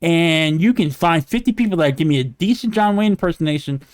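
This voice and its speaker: A man co-hosting a podcast, ranting in casual debate chat, animated and profane, laughing as he rambles. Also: on the high side, brisk. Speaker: podcast co-host.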